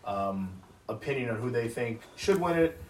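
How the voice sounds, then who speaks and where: Brief: quick-talking male host, casual, recorded far off in an echoey room. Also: medium pitch, expressive, darkish tone. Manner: fast, rambling, fillers. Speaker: podcast host presenting awards. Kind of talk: casual banter. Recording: roomy, distant mic, faint noise.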